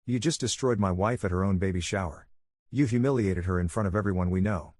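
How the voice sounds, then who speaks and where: A man's voice: low-pitched, quick pace, a little mellow, dry recording, clean studio sound. A man voicing a distraught young husband who pleads and accuses over the phone. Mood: angry. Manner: pleading, raised.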